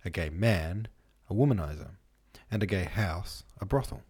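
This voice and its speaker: A man's voice: deep voice, expressive, moderate pace, darkish tone, slightly rough. A man hosting a book podcast, reading listener notes and chatting through them in a musing way, with plenty of ums and asides. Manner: reads listener comments and reference passages aloud. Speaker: podcast host. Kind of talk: casual book-club podcast discussion.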